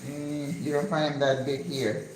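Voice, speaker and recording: Slow-talking woman in her sixties. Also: low-pitched, level tone, reverberant, a little hiss or hum, low-quality recording. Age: 60s. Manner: chatty, enthusiastic, sprinkles in Spanish words. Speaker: vlogger. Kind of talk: casual chat vlog.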